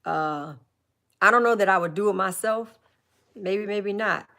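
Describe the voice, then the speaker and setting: A woman's voice: mid-range voice, measured pace, gravelly, fairly bright tone. A woman from California hosting a casual live chat from her RV, answering viewers' questions in a rambling, chatty way with restarts and asides.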